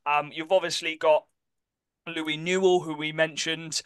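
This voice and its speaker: A man co-hosting a casual sports podcast, chatty and quick to correct himself mid-sentence. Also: on the high side, flat delivery, clean tone, no room sound. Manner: chatty, self-correcting, apologetic about pronunciation. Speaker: podcast co-host.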